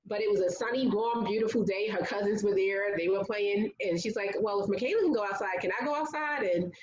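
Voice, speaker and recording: A woman's voice: mid-range voice, steady tone, a little fast, a little mellow, roomy sound, highs cut off. A woman speaking as an interview guest, telling a personal story in a candid, conversational way with lots of "like" fillers. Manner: earnest, conversational, many "like" fillers.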